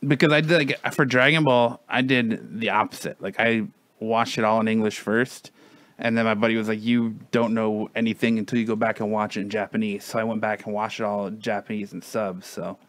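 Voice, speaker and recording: A man's voice: on the low side, fairly even intonation, brisk, a bit bright, no room sound. Rambling casual man, dry close sound. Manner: rambling, frequent restarts and fillers, mild swearing. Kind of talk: casual chat.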